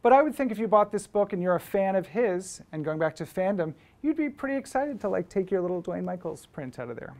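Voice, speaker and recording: A man's voice: high voice, sing-song, brisk, few pauses, a little mellow. A man, a photographer and book publisher, giving an anecdotal lecture to students at a school, telling stories in a conversational way with many fillers and restarts.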